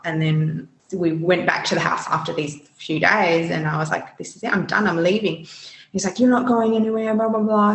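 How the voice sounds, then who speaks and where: A woman's voice: low-pitched, fairly bright tone, reverberant, poor audio. A woman recounting a personal story as an interview guest, rambling, full of "you know" and "um". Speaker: guest sharing her story.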